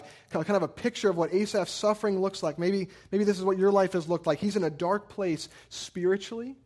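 A man's voice: high voice, a little mellow. A man in his thirties preaching a sermon, earnest, often repeating words as he builds a point and tells stories. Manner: earnest, repeats words when emphasizing, storytelling asides. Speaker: pastor.

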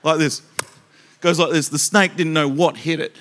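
A man preaching to a church congregation, telling animated stories that he acts out with loud bursts of emphasis. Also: a little high, moderate pace. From Australia. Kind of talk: storytelling sermon.

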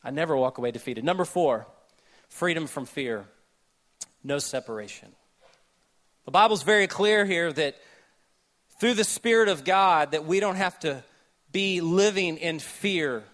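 A man preaching a sermon with a Southern US accent, joking with the congregation, then dropping to a hushed, slow delivery. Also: fairly high pitch. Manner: animated, jokey asides, shifts between loud and hushed delivery. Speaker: pastor.

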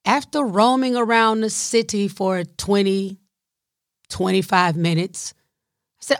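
Slow-talking Southern woman storyteller. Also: medium pitch, fairly even intonation, no room sound, studio quality. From Southern United States. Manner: chatty, digressive, playful asides to listeners. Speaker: storyteller, caregiver. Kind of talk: casual storytelling monologue.

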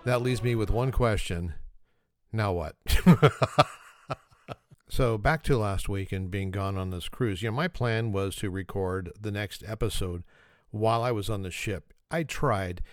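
A man's voice: lowish voice, measured pace, dry recording. Joking male podcast host, dry sound. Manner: joking, self-mocking, chuckles often. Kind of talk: casual solo podcast chat.

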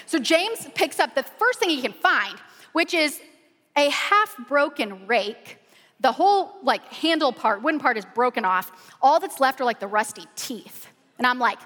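A middle-aged woman pastor, telling a lively story in a casual, colloquial sermon style. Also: high voice, unhurried. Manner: animated, colloquial storytelling with "y'all". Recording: long hall reverb.

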